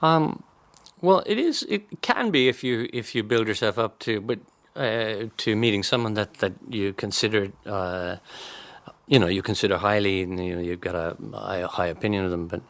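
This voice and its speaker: A middle-aged Irish man, a voice and acting coach, answering radio interview questions in a measured, hesitant way with many restarts. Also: lowish voice, fairly bright tone. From Ireland.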